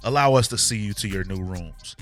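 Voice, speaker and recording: Cold smug schemer, drawn-out sneer; male reader voices him, low. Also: a bit bright, soft background music, close to an everyday voice. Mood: condescending. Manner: slow, condescending.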